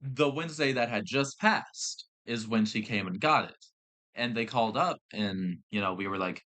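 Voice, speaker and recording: Bright-voiced young man ranting casually. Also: on the low side, expressive, moderate pace. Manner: exasperated ranting with profanity and restarts. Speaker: podcast host. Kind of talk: casual storytelling chat.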